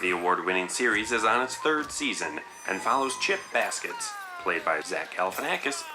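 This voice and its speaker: A man reading scripted entertainment news narration as a reporter, in a smooth, even newsreader delivery. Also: sits low, normal speed. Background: film soundtrack music.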